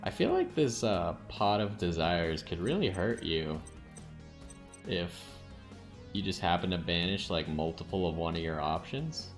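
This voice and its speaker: A man calmly narrating his card game moves and thinking aloud as he plays. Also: low-pitched, unhurried, faint music behind. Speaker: gaming channel host. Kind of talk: casual game commentary.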